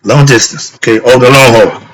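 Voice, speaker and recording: A man's voice: mid-range voice, fairly even intonation, brisk, fairly bright tone, low-quality recording. A middle-aged man giving a casual spiritual lecture, posing rhetorical questions and answering them, slipping into slang and getting worked up. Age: middle-aged or older. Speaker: philosophy talk host.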